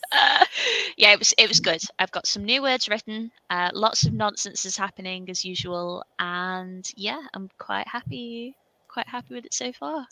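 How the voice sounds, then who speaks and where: A woman's voice: medium pitch, moderate pace, pushed and bright, dry recording, rough recording. A woman guest in a casual video-call chat who talks in a playful, enthusiastic way. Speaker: guest, author.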